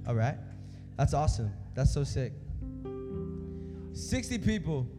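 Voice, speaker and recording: A young man preaching at a church service, telling stories in an energetic, conversational way. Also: a little high, a little slow. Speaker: youth preacher. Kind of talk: sermon. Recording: echoey hall with music behind.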